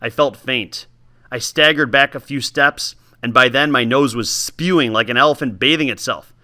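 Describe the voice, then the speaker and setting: A man reading a novel aloud with lively, expressive storytelling, then talking casually about the book. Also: medium pitch, normal speed. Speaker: teacher giving book talks.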